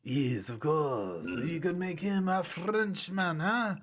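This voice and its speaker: A man's voice: fairly high pitch, expressive, slow, fairly bright tone. A man chatting casually on a stream as a dub actor, joking and laughing often.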